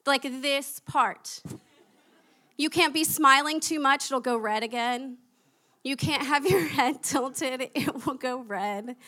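A young woman with a lilt delivers a sermon in an animated, conversational way. Her voice sits high and sounds bright and forward. She laughs at herself as she tells her stories. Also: slow. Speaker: preacher.

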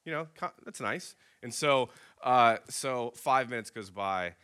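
A man's voice: mid-range voice, unhurried, clean tone. A man in his thirties, a pastor, telling a story in a sermon and acting out the dialogue. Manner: animated storyteller acting out both sides of a dialogue.

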